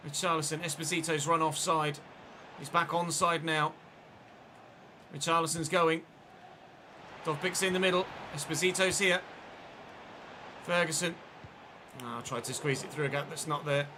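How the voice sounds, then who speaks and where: Bright-voiced man calling his game. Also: on the high side, fairly even intonation, moderate pace, pauses often, slight background noise. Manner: running play-by-play, swearing and frustrated outbursts. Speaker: gaming streamer. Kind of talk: live gameplay commentary.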